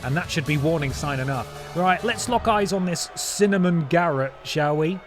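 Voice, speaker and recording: A man's voice: fairly high pitch, lively intonation, normal speed, music in the background. A man, streaming a wrestling game and doing playful mock-announcer commentary with jokey asides. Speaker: gaming streamer.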